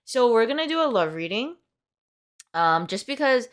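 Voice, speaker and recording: A woman's voice: fairly high pitch, very animated, normal speed, a bit bright. A young woman reading tarot in a casual, rambling vlog, upbeat and full of "like" fillers. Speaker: tarot reader.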